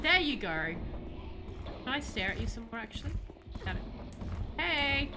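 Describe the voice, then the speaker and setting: A woman giving animated, laughing commentary while streaming a horror game. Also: sits high, measured pace, pauses often, music in the background. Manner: animated, laughs often, yelps and shrieks at scares. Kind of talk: casual gameplay commentary.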